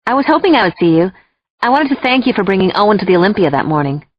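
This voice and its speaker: Woman playing a beaming young waitress, chirpy, lively, dull lo-fi, dry. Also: medium pitch, very fast, slightly rough, no room sound. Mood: cheerful. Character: cheerful, affectionate young waitress.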